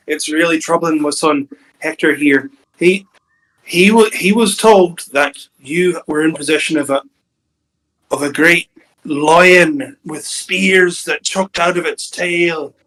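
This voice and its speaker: A man's voice: on the high side, a bit bright, low-quality recording. A man playing a wheedling male pastor who poses as a grieving father, pleading and sugary in a raised voice.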